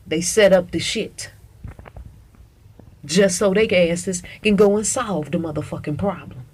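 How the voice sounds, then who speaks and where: A woman's voice: on the low side, a little slow, a little mellow, slightly rough. A woman talking straight to the camera in a casual monologue, emphatic and profane, who keeps calling the listener "honey".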